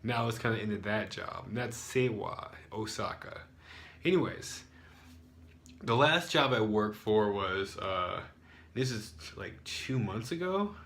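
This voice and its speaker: Young american dude venting about old jobs, rambly, lots of "like" and "you know". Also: male voice, lowish voice, lively intonation, a little slow, a bit bright. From United States. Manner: rambling, frequent fillers, sarcastic asides. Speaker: English teacher. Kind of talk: casual storytelling vlog.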